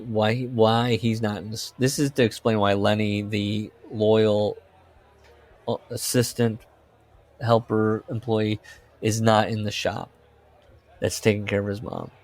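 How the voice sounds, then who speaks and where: A man with a fairly low voice co-hosts a casual podcast. He talks loosely and swears freely. He breaks off to read story passages aloud. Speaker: podcast co-host. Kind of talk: casual chat and reading aloud.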